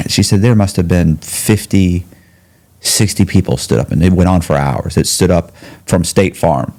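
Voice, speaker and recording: A man's voice: low voice, slow pace. A middle-aged man telling a long personal story as a podcast guest, acting out the voices of the people he quotes. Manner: animated storyteller who acts out quoted voices.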